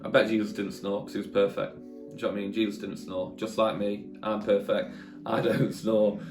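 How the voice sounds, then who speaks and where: A man's voice: lowish voice, flat delivery, fairly quick. A young man, telling a Bible story for children in a playful, chatty, self-mocking way, with dramatic sound effects. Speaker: children's church presenter. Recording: echoey room with faint guitar.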